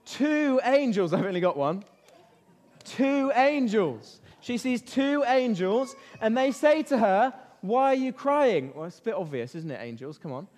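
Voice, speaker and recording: A man leading an interactive Bible lesson for children, lively and constantly asking them questions. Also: sits high, measured pace. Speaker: children's talk leader. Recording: reverberant hall.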